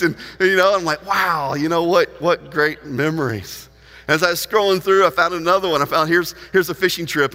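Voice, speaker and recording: A man in his forties preaches a sermon from the stage of a church auditorium, telling stories in an animated way and swinging between loud and hushed passages. His voice is bright and forceful and sits a little high. A long reverb from the hall trails behind every phrase. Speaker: pastor.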